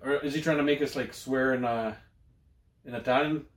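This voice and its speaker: A man's voice: mid-range voice, fairly even intonation, a little fast, roomy sound. A Canadian man co-hosting a podcast, telling loose, profane stories full of slang in casual chat. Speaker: podcast co-host.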